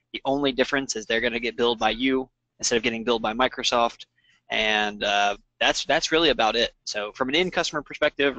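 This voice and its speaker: A male guest answering in a quick, reassuring way during a webinar. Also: medium pitch, bright, forceful tone, dry recording. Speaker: sponsor guest. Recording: dry lo-fi line.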